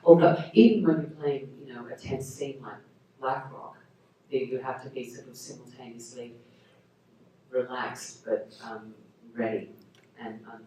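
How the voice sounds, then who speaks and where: A woman's voice: a bass voice, mellow. A woman answering questions as an actor on a Q&A panel, speaking thoughtfully and searching for her words. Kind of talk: Q&A panel discussion. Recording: echoey hall, distant mic, faint noise.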